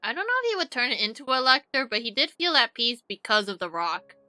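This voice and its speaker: A woman streaming a game with casual, sarcastic, excitable commentary and frequent swearing. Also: on the high side, fast, no echo.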